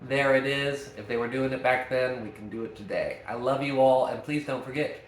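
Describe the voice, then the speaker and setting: A man's voice: mid-range voice, a little fast. Emphatic man teaching acting, echoey room. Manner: emphatic, energetic. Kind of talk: casual teaching monologue.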